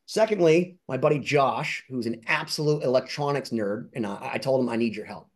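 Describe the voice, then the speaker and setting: A man telling excited, rambling anecdotes as an interview guest and collector, acting out other people's lines in high voices. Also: fairly quick. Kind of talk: casual storytelling.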